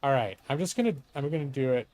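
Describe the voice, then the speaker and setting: A man's voice: mid-range voice, animated, quick pace, a little mellow. A middle-aged man streaming a game live, chatting casually with lots of swearing and asides to a co-host. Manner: chatty, profane, talks to himself and a co-host. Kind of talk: live gameplay commentary.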